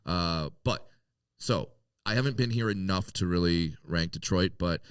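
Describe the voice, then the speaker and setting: A man's voice: low voice, a little slow, smooth, dry recording. A man talking loosely as a comedian guest in a casual interview, joking, swearing freely and restarting sentences.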